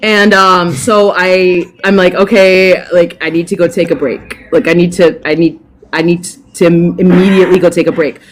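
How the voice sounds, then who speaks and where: A woman's voice: lowish voice, moderate pace. A middle-aged woman, a dog groomer guest on a podcast, telling a story casually with lots of laughing and swearing. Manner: animated, profane, laughs often.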